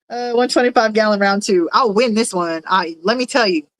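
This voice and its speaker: A woman's voice: mid-range voice, no echo, poor audio. Rambling, chatty woman hosting a livestream. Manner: rambling and chatty, with frequent fillers and laughs. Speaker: livestream host reading chat. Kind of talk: casual livestream chat. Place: at home in a room with fish tanks.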